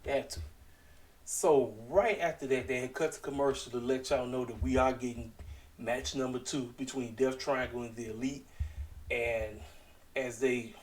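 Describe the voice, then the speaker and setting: A man's voice: medium pitch, moderate pace. Man recapping wrestling, mic a bit distant. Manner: animated, talks straight to the audience, keeps calling out "ladies and gentlemen". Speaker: wrestling show reviewer. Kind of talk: casual recap monologue. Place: at home.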